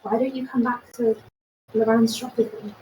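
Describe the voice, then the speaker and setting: A woman playing a tabletop game who asks plain, casual questions. Her voice sits a little high, with a faint hum of ambience behind her. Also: level tone, moderate pace, highs cut off. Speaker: player.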